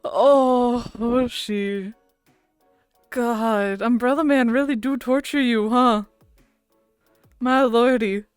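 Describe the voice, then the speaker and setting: A woman's voice: a little high, fairly even intonation, slow, pauses often, clean tone, dry recording, soft background music. A woman streamer chatting casually with her viewers, rambling and laughing often. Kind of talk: casual livestream chat.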